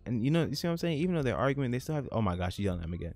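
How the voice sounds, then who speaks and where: A man giving let's-play commentary, animated and slangy, talking to his chat. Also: mid-range voice, very fast, few pauses, soft background music. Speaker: gaming YouTuber.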